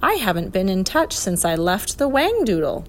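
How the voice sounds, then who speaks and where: A woman's voice: medium pitch, big pitch swings, normal speed, close to an everyday voice. A woman voicing a forgetful, evasive male oink creature in a storybook reading, solemn and sing-song.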